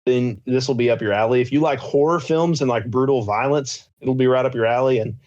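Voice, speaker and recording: A man's voice: medium pitch, a little fast, darkish tone. A young man co-hosting a podcast, gushing about films in a casual, rambling way full of fillers. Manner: enthusiastic, rambling with many fillers. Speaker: podcast co-host. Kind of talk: casual chat. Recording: slightly dull lo-fi sound.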